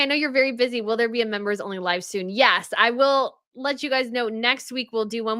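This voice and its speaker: On her laid-back livestream about royal news, a woman talks with her audience, voices their comments and laughs throughout. The recording is clean studio audio with no echo, and her medium-pitched voice has a sharp edge.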